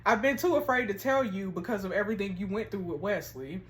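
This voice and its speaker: A woman voicing a young man, a guilty fiancé, in a lower, softer, sheepish tone. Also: quick pace, lightly acted. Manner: sheepish, defensive.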